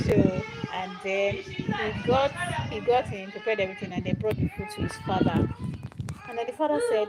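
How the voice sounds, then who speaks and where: A young woman hosting a live stream, telling a Bible story in a casual, animated and dramatic way. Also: a little high, normal speed, heavy background noise. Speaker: livestream host.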